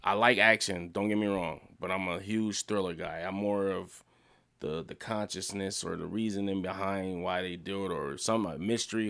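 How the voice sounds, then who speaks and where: A young man reviews a TV series in a loose, casual way, with a low, gravelly voice. He swears freely and gets so excited that his pitch leaps up high. His talk is full of fillers and restarts. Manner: excited, loose and profane, jumps pitch when worked up. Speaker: TV show reviewer.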